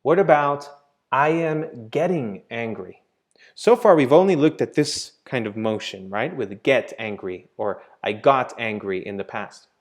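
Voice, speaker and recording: A man's voice: medium pitch, lively intonation, measured pace. Patient man teaching English grammar. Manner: patient, repeats points with "right?" and "okay?". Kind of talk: explaining grammar to learners.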